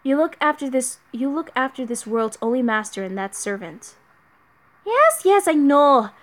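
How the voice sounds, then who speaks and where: A woman's voice: high-pitched, big pitch swings, normal speed. A woman voicing a playful, teasing woman genius with a singsong delivery.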